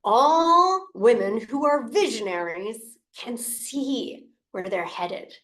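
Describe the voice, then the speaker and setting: Woman, leadership coach, motivational talk to camera, expressive, playful, slightly high voice. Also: slow pace, roomy sound. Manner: expressive, playful, with gasps and laughs.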